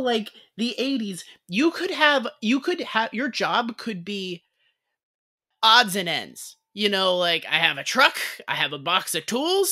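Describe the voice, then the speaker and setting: A woman's voice: mid-range voice, pushed and bright. A woman co-hosting a podcast, recapping a TV episode in blunt casual chat, swearing freely and saying "like" a lot. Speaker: podcast co-host.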